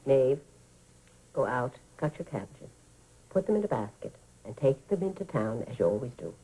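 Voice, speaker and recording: A woman's voice: a bass voice, sing-song, moderate pace, warm tone, slightly rough, heavily acted, poor audio. A woman voicing a worried mother who gives her daughter urgent instructions. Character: worried Irish mother giving urgent orders.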